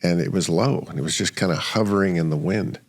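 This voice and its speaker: A man in his sixties with a deep, gravelly voice hosts a podcast conversation. He talks casually and hesitantly, with plenty of fillers as he shares his own story. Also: quick pace. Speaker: podcast host.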